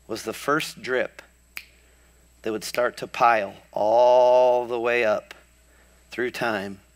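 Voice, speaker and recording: A male pastor preaching a sermon to a live congregation, storytelling with humorous asides and building to impassioned crescendos. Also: mid-range voice. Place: church before a live congregation.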